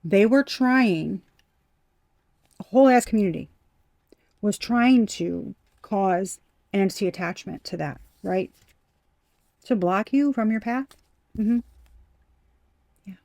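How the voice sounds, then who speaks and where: A woman reads tarot in a loose, chatty way, speaking directly to "you" and swearing without a second thought. Her tone is mellow and warm, and the sound is dry and close with little room to it. She drives points home by saying them again and again. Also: medium pitch, takes it slowly, long pauses, dry recording. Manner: blunt and profane, repeats phrases for emphasis; talks straight to the viewer as "you". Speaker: tarot card reader. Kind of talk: casual spoken tarot reading.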